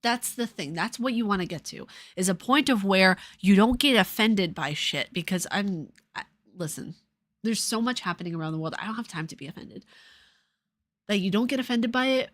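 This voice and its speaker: A woman with a New Jersey and New York accent, chatting casually on a livestream, sarcastic and profane, jumping between loud jabs and muttered asides. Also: mid-range voice. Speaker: streamer.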